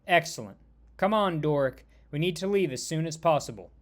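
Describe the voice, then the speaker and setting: A man voicing a confident female superhero who talks briskly. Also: on the high side, expressive, close to an everyday voice.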